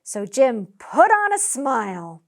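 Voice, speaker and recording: A teacher reading a children's story aloud with slow, expressive delivery and gentle lessons. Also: female voice, high-pitched, gravelly.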